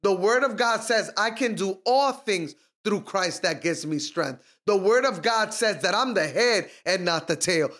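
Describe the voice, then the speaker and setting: A middle-aged man with a notably high voice talks in an emphatic, preaching style, quoting scripture as he co-hosts a faith podcast. He leans into each point with conviction. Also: fairly bright tone.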